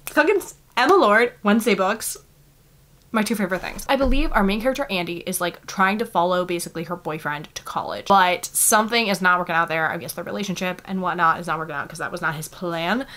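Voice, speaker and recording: A young adult woman chatting casually in a book vlog, gushing and excitable, with lots of "like" and casual swearing. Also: lowish voice, fast talker, hardly any pauses. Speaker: book vlogger.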